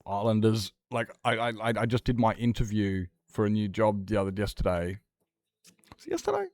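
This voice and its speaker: A man's voice: lowish voice, flat delivery, brisk, a little mellow, no room sound, studio quality. A young Australian man chatting casually on a livestream, swearing freely and laughing often. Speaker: streamer.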